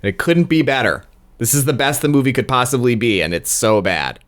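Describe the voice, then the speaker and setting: Another male co-host chats about movies with a mid-range, expressive, slightly bright voice at a brisk clip. His views come out hesitantly, broken by frequent ums and restarts.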